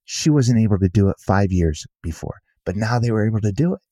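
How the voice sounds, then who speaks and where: A man's voice: lowish voice, animated, a little fast, dark tone, dry recording, studio quality. A middle-aged man, a guest author, telling stories in an earnest, casual way, repeating himself and saying "you know" often. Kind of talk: casual conversational storytelling.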